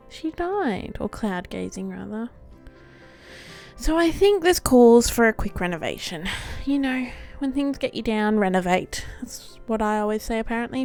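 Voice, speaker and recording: A woman's voice: on the high side, a little mellow. Chatty, giggly woman narrating gameplay. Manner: chatty, giggly, self-deprecating. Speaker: let's play host. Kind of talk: casual gameplay commentary. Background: faint background music.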